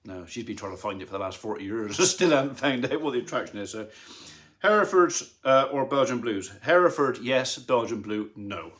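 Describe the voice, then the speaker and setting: A man's voice: mid-range voice, expressive, brisk, fairly bright tone. A middle-aged man, a farmer, chatting on a live stream from his lounge at home, with rambling, dry teasing humour. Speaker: farmer and channel host. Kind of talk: casual live-stream chat.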